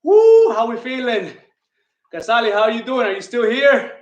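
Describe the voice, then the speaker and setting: A man's voice: very high-pitched, normal speed, a bit bright, reverberant, lo-fi sound. A man leading a live online kettlebell class, counting reps and giving coaching cues while out of breath. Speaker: fitness coach.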